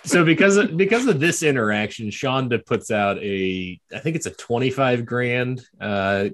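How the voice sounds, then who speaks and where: A man co-hosting a casual movie podcast, recapping the plot in quick bursts and laughing often. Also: medium pitch, animated, fairly bright tone. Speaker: podcast co-host.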